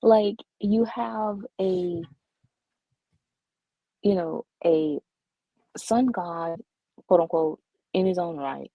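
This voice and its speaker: A female co-host speaks slowly and deliberately in a low, husky voice, building measured, opinionated points in a casual comic book chat. Her recording is dull, dry and lo-fi. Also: dry recording. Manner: measured, opinionated, frustrated ranting. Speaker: podcast co-host.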